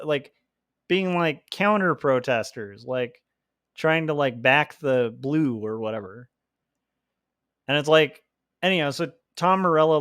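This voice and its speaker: A comics artist livestreams his drawing work, chatting casually in a medium-pitched, fairly bright voice recorded with studio quality and no echo. He rambles, laughs often, and sprinkles "like" all through his talk.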